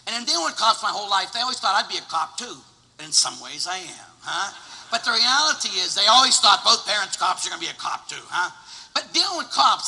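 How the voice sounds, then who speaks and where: A priest in his forties preaching a lively sermon, swinging from loud exclamations to hushed storytelling. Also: high voice, creaky. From Pittsburgh, USA. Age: 40s. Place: church. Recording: long church reverb.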